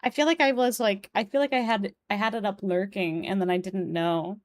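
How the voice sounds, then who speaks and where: A woman's voice: mid-range voice, fairly even intonation, a little fast, no room sound. A young woman with a Polish accent, streaming a puzzle game and chatting as she plays, reading the game's text and viewers' messages aloud. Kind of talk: live game stream commentary.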